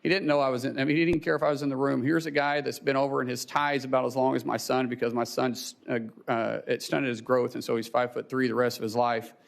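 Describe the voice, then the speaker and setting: A middle-aged man testifying at a hearing, telling a personal story in a halting way with many restarts, emotional and close to tears. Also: mid-range voice, flat delivery, vocal fry.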